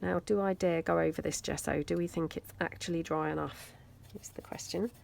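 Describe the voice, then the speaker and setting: This British host of a mixed media crafting video speaks fairly quickly in a deep, steady voice with vocal fry and a slightly mellow quality. Chatty and self-deprecating, she thinks aloud as she works through a casual tutorial.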